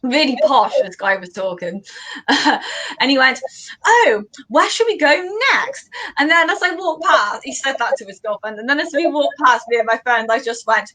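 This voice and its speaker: A woman's voice: on the high side, expressive, moderate pace, sharp tone. A young woman from England, a guest in a casual interview, telling stories in a chatty way and laughing often.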